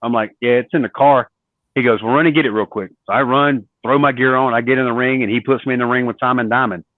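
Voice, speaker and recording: A man spins long stories in an interview and slips into the voices of the people he quotes. His voice sits at a middle pitch. The sound is tinny and dry, like a phone line. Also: quick pace, no echo. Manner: animated storyteller acting out quoted dialogue. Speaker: guest, former wrestler. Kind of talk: storytelling interview.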